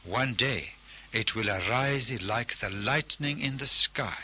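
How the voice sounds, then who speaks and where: A man voicing a wise old village storyteller in a spoken storybook, earnest and instructive, slow and deliberate, with a bright voice. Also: medium pitch, slightly rough, full character voice.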